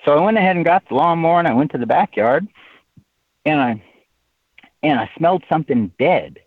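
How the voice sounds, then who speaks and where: A man's voice: a little high, expressive, a little fast, breathy edge, no echo. A man who is an author, telling a rambling anecdote in an interview and often saying "you know". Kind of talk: storytelling in an interview. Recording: tinny phone-like line.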